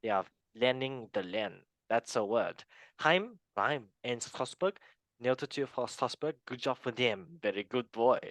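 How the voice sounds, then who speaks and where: A hammy mock-French football pundit, as a man puts it on, all put-on French accent and cheeky mangled English. The delivery is pitched at an ordinary height for a man, and the sound is dry and close. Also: expressive, fairly bright tone, no echo. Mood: mock-pompous. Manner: jokey, deliberately mangled English.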